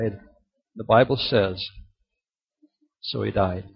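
Husky pastor preaching, lo-fi. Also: male voice, on the high side, lively intonation, unhurried. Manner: storytelling, swinging between loud emphasis and soft drops. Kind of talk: sermon. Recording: dull lo-fi recording.

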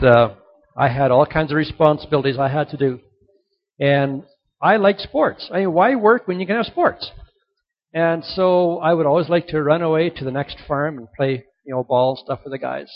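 A middle-aged youth speaker with a fairly high voice gives a motivational sermon to young people, emphatic and repeating key points. At times he drops to a soft, earnest tone. The recording is dull and lo-fi.

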